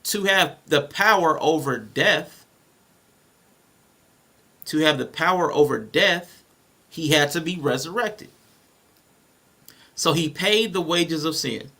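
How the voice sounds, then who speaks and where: Bright, gravelly-voiced man on a podcast. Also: a little high, slow pace, long pauses. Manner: animated, reads scripture aloud and explains it. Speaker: podcast co-host. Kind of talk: casual panel discussion.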